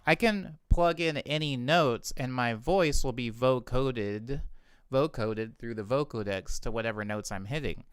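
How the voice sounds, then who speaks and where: A man's voice: medium pitch, measured pace, clean tone, dry recording, studio quality. A man, a music producer, explaining his vocal chain step by step in a casual tutorial, stopping now and then to correct himself. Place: home music studio.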